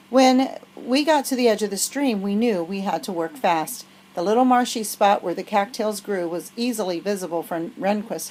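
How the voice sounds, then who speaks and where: A woman reading a children's novel aloud, telling the story with a lively manner. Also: medium pitch, rough recording. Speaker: storybook reader.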